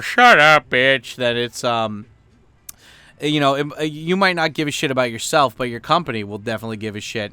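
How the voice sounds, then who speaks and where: Smooth and a bit bright, this mid-range male voice belongs to a podcast host delivering a loose, profane monologue. He rambles casually, peppering his talk with fillers and curse words.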